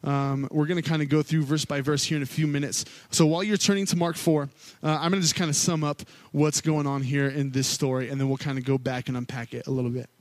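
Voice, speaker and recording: Male worship pastor, higher register, relaxed conversational sermon delivery, dry close sound. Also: fast, no room sound. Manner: casual and storytelling, with many fillers, acting out quotes.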